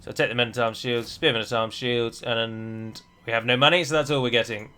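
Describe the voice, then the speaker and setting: A man's voice: mid-range voice, steady tone, brisk, sharp tone, clear, resonant tone. A man commentating on his own strategy game play, chatty and self-deprecating, thinking his moves out aloud. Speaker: game streamer.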